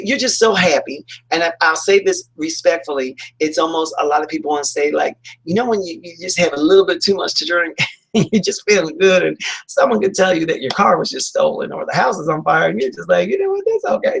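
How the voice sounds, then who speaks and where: A man's voice: on the high side, vocal fry, fairly bright tone, slightly rough, rough recording. A man, a talk radio host, giving a chatty motivational self-help talk with lots of fillers and acted-out reactions. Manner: chatty, acts out quoted reactions, many fillers.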